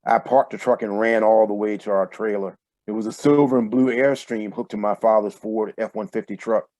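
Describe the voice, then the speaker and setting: Male author, low voice, steady storytelling, dry sound from a home video call. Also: brisk, no echo. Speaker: author reading his fiction. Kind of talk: live reading of a first-person story. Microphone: computer mic on a video call.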